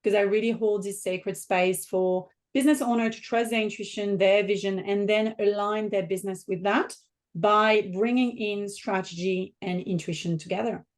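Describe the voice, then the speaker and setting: A woman in her forties from the south of France with a French accent, answering interview questions as a podcast guest in a measured, reflective way. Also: medium pitch, steady tone.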